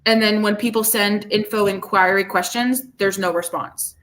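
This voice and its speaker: Bright, bubbly woman podcast co-host. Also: mid-range voice, moderate pace. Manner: bubbly and gushing, repeats herself when excited. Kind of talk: casual chat.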